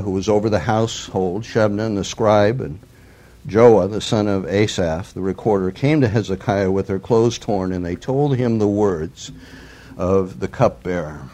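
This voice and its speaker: A man's voice: fairly low pitch, a little mellow. A man preaching a sermon. He reads scripture aloud with rising emphasis, then explains it plainly to his listeners. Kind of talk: sermon, Bible reading and commentary.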